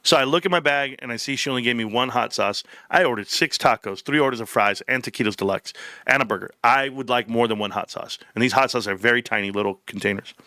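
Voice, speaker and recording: A man hosting a live stream, telling stories in an animated, slangy, emphatic way. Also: mid-range voice, fast talker, dry recording, studio quality. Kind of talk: casual live-stream chat.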